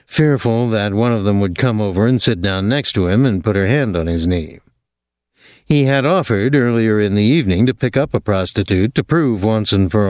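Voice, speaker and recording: A man narrating an audiobook novel in a steady, plain reading voice. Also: on the low side, dry recording, clean studio sound. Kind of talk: scripted narration.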